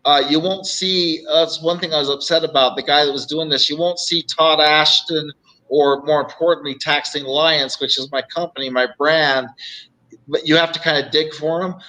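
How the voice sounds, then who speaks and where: A man's voice: a little high, fairly even intonation, normal speed, sharp tone, rough recording. A middle-aged man, a real estate coach, telling stories on a live show and acting out phone calls as he goes. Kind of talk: live show guest storytelling.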